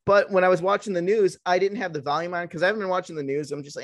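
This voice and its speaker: A man's voice: high-pitched, rapid-fire, few pauses, no room sound, studio quality. A man co-hosting a podcast in casual comedic chat, rambling with many fillers and frequent giggles. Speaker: podcast co-host.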